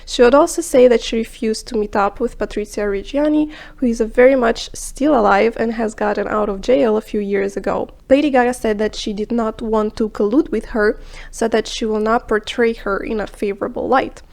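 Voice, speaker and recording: A woman with a fairly high voice reads a film review from a script. She speaks in a measured, explanatory way and now and then drops into a hushed aside. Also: steady tone, gravelly. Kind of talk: scripted video narration.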